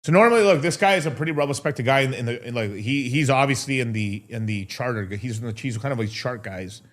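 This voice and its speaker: Male host, casual livestream talk, profane, rambling, lively pitch. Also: quick pace. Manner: profane, rambling, laughs often.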